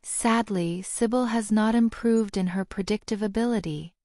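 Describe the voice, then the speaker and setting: A woman's voice: medium pitch, moderate pace, dark tone, no echo, studio quality, close to an everyday voice. A woman voicing a grave, courteous old wizard. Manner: courteous, turning cold. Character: congenial, grave old male headmaster wizard.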